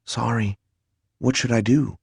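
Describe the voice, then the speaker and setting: A man reading an anxious young man in an audiobook, speaking in a hushed, worried way. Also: medium pitch, steady tone, a little slow, gravelly, slightly rough, no echo, clean studio sound, full character voice. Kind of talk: audiobook character voice.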